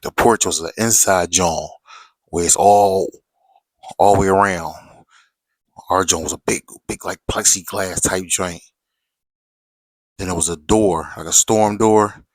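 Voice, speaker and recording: Low-voiced slangy man. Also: no room sound. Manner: slangy, chatty, repeats "right?" and "you know". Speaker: storyteller. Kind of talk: casual storytelling to viewers.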